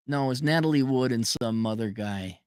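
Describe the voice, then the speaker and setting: A man's voice: mid-range voice, fairly quick, darkish tone, clean tone, no room sound, clean studio sound. A middle-aged man ranting in a sarcastic, rambling, profane monologue as a podcast host.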